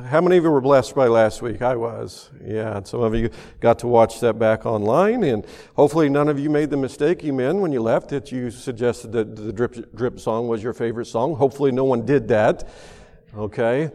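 A man's voice: medium pitch, normal speed, a little mellow, big-room sound. A man preaching a sermon as pastor, telling folksy stories with a lot of uhs and restarts. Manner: folksy storytelling with many fillers.

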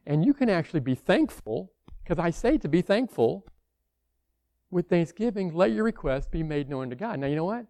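A man's voice: a little high, darkish tone, no echo, studio quality. A man preaching a sermon in a conversational way, acting out the worried voices of church members.

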